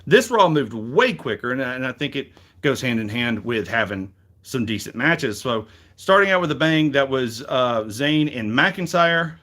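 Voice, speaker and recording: A middle-aged Southern man talks through wrestling results at his own loose pace. He rambles, cusses freely and fills gaps with "uh" and "you know", and his voice sits at an ordinary middle pitch. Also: lively intonation, moderate pace, fairly bright tone. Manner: rambling, frank, swears freely, many fillers. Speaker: wrestling reaction show host. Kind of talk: casual commentary.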